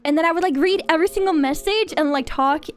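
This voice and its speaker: Bubbly high-voiced young woman streamer. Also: fast, soft background music. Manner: bubbly, giggly, rambling greetings. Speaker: VTuber streamer. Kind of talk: casual livestream chat.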